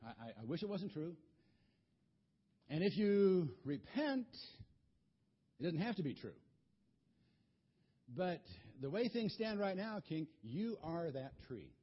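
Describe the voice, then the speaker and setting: A calm, wise young prophet, as a storyteller voices him speaks to a king in a gentle, earnest, plain way. His voice is breathy and lively in pitch. The recording sounds muffled and lo-fi. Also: slow pace, long pauses, exaggerated voice. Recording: dull lo-fi recording.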